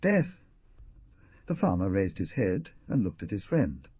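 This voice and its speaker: A man narrating an audiobook in measured, scripted storytelling. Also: low voice, sing-song, slightly rough, no room sound. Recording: dull lo-fi dry recording.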